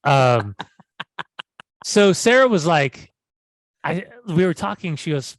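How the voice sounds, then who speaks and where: A man's voice: a little high, big pitch swings, slow, dry recording, clean studio sound. A man co-hosting a podcast, talking casually and animatedly, often repeating words as he starts a thought. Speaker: podcast co-host.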